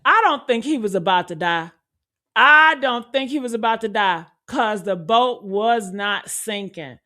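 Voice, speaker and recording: A woman's voice: a little high, lively intonation, a little slow, sharp tone. A woman giving blunt, sarcastic true crime commentary, swearing freely and talking straight to her viewers. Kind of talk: casual video commentary.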